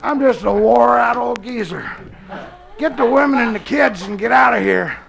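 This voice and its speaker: A man's voice: very high-pitched, moderate pace, a crowd in the background, full character voice. A man playing a grizzled old pioneer on a wagon train in a comedy record sketch, with a folksy backwoods drawl. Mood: dying. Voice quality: gravelly.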